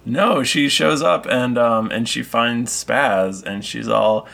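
Slow, gravelly game master. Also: male voice, mid-range voice, fairly bright tone. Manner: halting, full of ums. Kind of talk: narrating a tabletop game.

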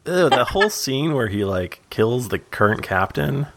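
A man's voice: mid-range voice, sing-song, moderate pace, gravelly. A man joining a casual podcast chat with dry, wry remarks. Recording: noisy clicking background.

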